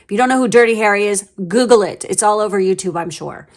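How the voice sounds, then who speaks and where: A woman's voice: mid-range voice, quick pace. Chatty profane woman reading tarot. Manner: chatty, frank and profane, laughs often. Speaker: tarot reader. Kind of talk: casual pick-a-card tarot reading.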